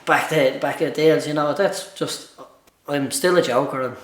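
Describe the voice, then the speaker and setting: A man's voice: on the high side, moderate pace. Jokey Dublin man in an echoey room. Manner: jokey storyteller, laughs often. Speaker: shop manager. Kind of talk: casual podcast chat.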